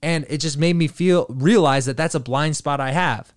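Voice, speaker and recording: A man's voice: a little high, normal speed, no echo, clean studio sound. A man hosting a podcast, telling a rambling casual story full of fillers and swearing. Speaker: podcast host.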